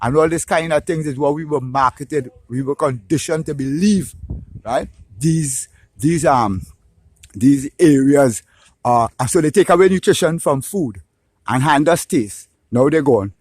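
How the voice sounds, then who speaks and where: A man from Trinidad and Tobago, with a Trinidadian accent and a slightly high voice, speaks a little slowly in a recording with no room sound. His casual, opinionated monologue is an animated rant full of swearing, with points often tagged by "right?".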